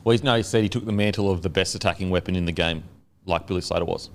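A young Australian man guesting on a casual sports chat, laid-back and quick to laugh. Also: low-pitched. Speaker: podcast guest.

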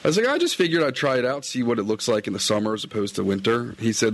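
A man's voice: mid-range voice, expressive, quick pace, few pauses. Chatty middle-aged man rambling outdoors. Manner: chatty, meandering, self-correcting. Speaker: fly-fishing podcaster and guide. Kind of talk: casual rambling recap.

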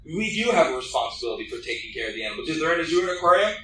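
A man's voice: fairly high pitch, sing-song, racing, bright, forceful tone, slight background noise. A man who works at a zoo, talking animatedly on a live panel and laughing often. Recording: echoey room, distant mic.

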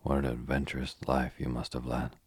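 A man's voice: very deep voice, little pitch movement, a little fast, slightly rough, no echo. A man reading the lines of a gushing young lady who asks eager questions, in an effusive manner.

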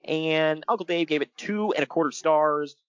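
Co-hosting a casual podcast about wrestling, a man with a slightly high, clean-toned voice tells lively stories at a moderate pace, laughing often. The sound is lo-fi.

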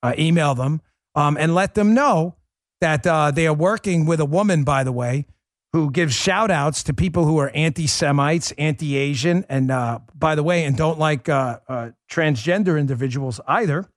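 A man's voice: a little high, normal speed, no room sound, clean studio sound. A male podcast host giving political commentary in a sarcastic, mocking and emphatic way.

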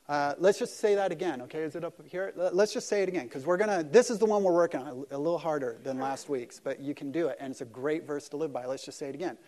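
Guy pastor preaching at a service, kinda high voice, chatty and sincere. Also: fast talker, hardly any pauses, a little mellow. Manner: earnest, conversational, self-deprecating preaching. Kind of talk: sermon. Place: church service.

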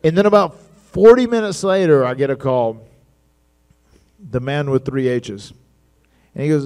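A man's voice: a little high, unhurried, long pauses. A man telling wrestling stories at a live stage show, acting out what other people said. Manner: animated storyteller acting out others' lines.

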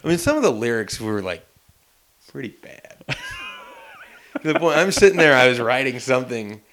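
A man's voice: mid-range voice, big pitch swings, fairly quick, fairly bright tone, a little hiss or hum. A man co-hosting a casual sports podcast, telling stories in an easygoing, rambling way. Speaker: sports reporter and co-host.

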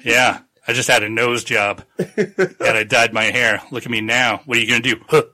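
A man puts on a cocky tough guy who mocks and dares his rival. The voice stays bright and close to his everyday speech. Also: mid-range voice, normal speed. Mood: taunting. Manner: taunting, mocking.

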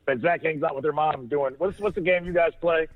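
A man's voice: fairly high pitch, brisk. Man rambling over a tinny phone line. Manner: rambling, with many restarts and laughter. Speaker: podcast co-host on a phone line. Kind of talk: casual storytelling chat.

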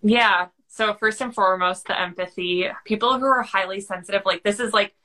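A woman's voice: medium pitch, normal speed, pushed and bright. A woman who is a podcast guest, explaining things in a chatty, casual way and using "like" a lot. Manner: chatty, leans on a lot of "like" fillers. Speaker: interview guest. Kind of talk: casual chat.

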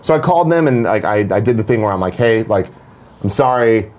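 A man's voice: lowish voice, lively intonation, brisk, darkish tone. A young adult man co-hosting a casual morning show, telling a story and acting out the quoted lines in different voices. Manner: acts out quoted dialogue in shifting voices. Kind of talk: casual chat, animated storytelling.

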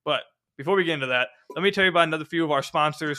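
Fast, bright-voiced podcast host. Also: male voice, fairly high pitch. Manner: fast, energetic, stumbling over words. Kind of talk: casual sports podcast chat and host-read ads.

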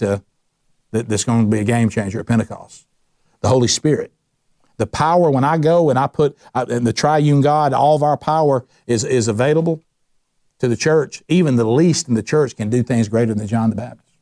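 A man with a drawl leads an informal Bible study at an average pitch. He talks with lively energy, stumbles and restarts his sentences, and mimics others with sarcasm. The recording is dry and close, with no room echo. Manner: animated, with frequent restarts and sarcastic quoted asides.

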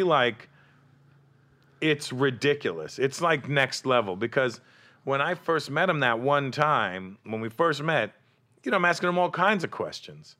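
A man guest on a talk show, telling casual stories and acting out other people's lines. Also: mid-range voice. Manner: animated, acts out quotes in other voices. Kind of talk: casual storytelling chat.

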